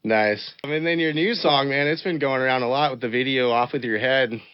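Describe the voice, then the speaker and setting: A man's voice: mid-range voice, fairly quick, clean tone, dry recording. Man, podcast host, chatty, rambling questions, dry close mic, slightly dull. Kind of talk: casual interview chat.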